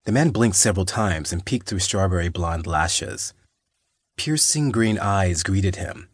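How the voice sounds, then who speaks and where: A man narrating an audiobook in a steady, measured storytelling manner. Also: low voice, husky, dry recording, studio quality. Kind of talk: scripted narration.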